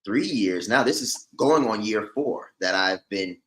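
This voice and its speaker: A man's voice: lowish voice, animated, a little slow, fairly bright tone. A man who owns a business, chatting openly and easygoing as a podcast guest. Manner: open and easygoing. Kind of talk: casual podcast chat. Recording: roomy echo.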